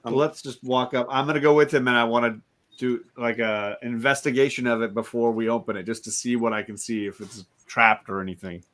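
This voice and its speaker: A man speaks as a player in a tabletop game, in a plain, matter-of-fact way. His voice sits in a middle pitch. His delivery is steady. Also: brisk. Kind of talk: casual tabletop game chat.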